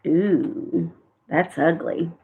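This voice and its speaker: A woman's voice: fairly low pitch, extremely slow, breathy edge. A woman reading tarot cards in a casual live-stream chat, talking in a rambling way with frequent fillers. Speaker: tarot card reader. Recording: tinny phone-like sound.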